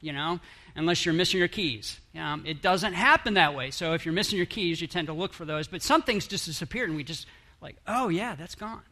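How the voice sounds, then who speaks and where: A man's voice: a little high, fairly quick, bright, forceful tone. A middle-aged man giving a rambling, chatty talk to an audience, often breaking off mid-sentence and putting questions to the listeners. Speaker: speaker addressing an audience.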